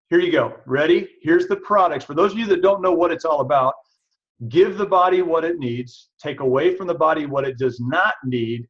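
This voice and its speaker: A man, a chiropractor, giving a casual, chatty product talk to an audience, telling stories about himself with animated asides. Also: a little high, husky. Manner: chatty, self-deprecating, animated storytelling. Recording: dull lo-fi recording.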